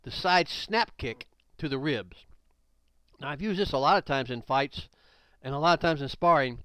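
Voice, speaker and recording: A man's voice: fairly high pitch, fairly bright tone, clear, resonant tone, dry recording. A man narrating a karate instruction video, blunt and emphatic, repeating warnings and punctuating with exclamations.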